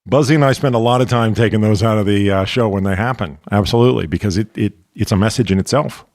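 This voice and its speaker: A man's voice: fairly low pitch, fast, a little mellow, no echo, studio quality. A man hosting a podcast interview, working through ideas aloud and checking them with questions. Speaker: podcast host. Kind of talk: casual interview chat.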